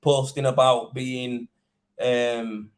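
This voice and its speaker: A man's voice: medium pitch, flat delivery, drawn-out words. A young man, a plasterer, chatting casually and indignantly on a livestream, swearing and rambling. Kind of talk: casual live-stream chat.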